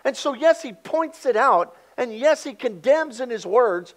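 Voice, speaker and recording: A man preaching a sermon, swinging from loud emphasis to hushed, quiet asides. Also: very high voice, animated, moderate pace, few pauses.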